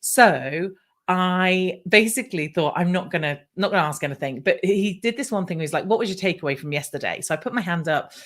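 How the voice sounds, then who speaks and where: Brief: middle-aged British woman, slightly low voice, animated storyteller who voices her past self. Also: fairly quick. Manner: animated, acts out her own past dialogue. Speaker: guest. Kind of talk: casual storytelling interview.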